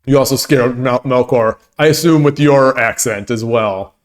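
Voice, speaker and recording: This streamer talks loosely with his viewers, frequently breaking off to begin a thought again and laughing along the way. He speaks at a moderate pace, with a pitch in the ordinary middle range for a man.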